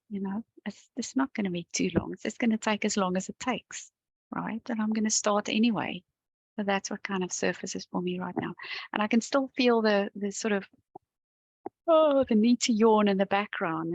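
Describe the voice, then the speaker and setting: A woman coach gently talking viewers through an EFT tapping session, yawning and sighing as she relaxes. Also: medium pitch, breathy edge, dry recording, low-quality recording. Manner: gentle, calm, talks the viewer through each step. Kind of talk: guided tapping session to camera.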